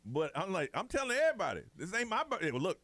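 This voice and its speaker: A man's voice: high voice, wildly swooping pitch, racing, a bit bright, no echo. A man hosting a morning radio show, telling a family story in casual chat and acting out the voices of relatives.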